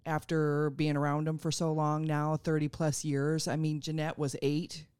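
A middle-aged woman chatting as a guest on a podcast, easygoing and quick to laugh. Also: low-pitched, completely flat delivery, a little mellow, clean tone, no room sound, studio quality. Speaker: guest, host's mother. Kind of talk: casual podcast chat.

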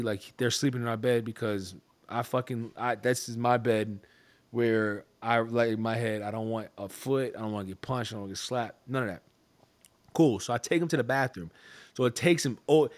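A man in his thirties, a father, telling family stories in a casual, profane chat. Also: mid-range voice. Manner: profane, laughing storyteller.

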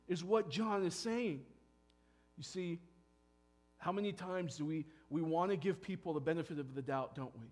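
Male pastor, fairly high voice, passionate sermon delivery with sharp swings between hushed and forceful. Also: normal speed. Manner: impassioned preaching, swings from hushed to emphatic.

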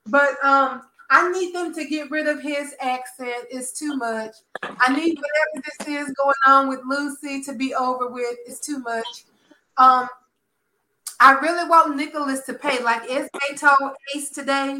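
A woman from the South, chatting casually and bluntly, full of profanity and animated emphasis. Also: sits high, measured pace, slight background noise. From American South. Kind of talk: casual chat recapping a soap opera.

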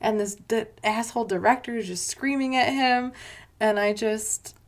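A woman's voice: on the high side, steady tone, normal speed. A woman co-hosting a casual chat, gushing about a movie and acting out its lines. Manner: gushing, quotes movie lines in put-on voices. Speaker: podcast co-host.

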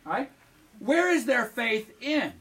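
High-voiced pastor preaching from afar. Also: male voice, expressive, takes it slowly, bright, forceful tone, far from the mic. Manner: conversational, asks the congregation questions. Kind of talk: sermon. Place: church sanctuary.

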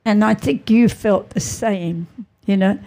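A middle-aged woman giving an earnest, emotional personal testimony as a mother, halting and repeating her phrases. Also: medium pitch, warm tone.

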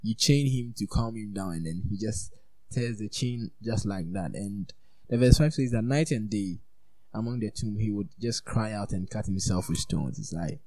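A man preaching an informal sermon in a lowish, mellow voice. He talks in an animated, chatty way, full of "like" and "you know". The sound is dry and close. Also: normal speed, no room sound. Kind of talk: conversational sermon.

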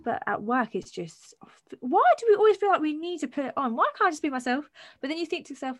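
A woman co-hosting a podcast in casual chat, animated and blunt, swearing and asking rhetorical questions. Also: high voice, fast talker, hardly any pauses, no echo, studio quality. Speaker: podcast co-host.

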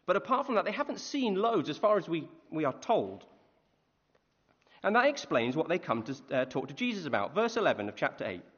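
Lively male preacher in an echoey hall. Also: on the high side, a little fast, husky. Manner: animated, asks the listeners questions. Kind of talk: conversational sermon. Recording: echoey hall, dull lo-fi sound.

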